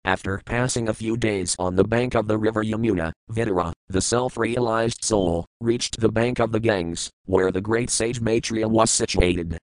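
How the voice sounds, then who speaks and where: A man's voice: on the low side, moderate pace, hardly any pauses, no echo, low-quality recording. A man steadily reciting scripture, reading verses, word meanings and commentary. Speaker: scripture reader.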